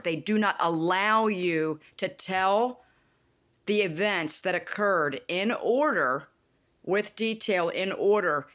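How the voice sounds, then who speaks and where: A woman vlogging in a casual, indignant rant, animated and swearing freely as she retells a TV plot. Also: lowish voice. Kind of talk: casual rant about a TV show.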